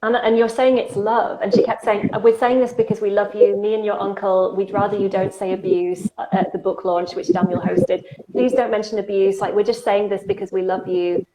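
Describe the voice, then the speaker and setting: A woman's voice: medium pitch, fairly even intonation, normal speed. A woman co-hosting a casual conversation, speaking emphatically and swearing when heated. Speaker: co-host. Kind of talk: casual chat. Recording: noisy background.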